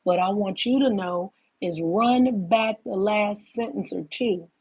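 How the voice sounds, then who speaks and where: A woman's voice: mid-range voice, measured pace, a little mellow, husky, no room sound. A woman in her fifties giving a casual spiritual monologue, emphatic and profane, often calling listeners "baby.". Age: 50s. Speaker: spiritual talk host.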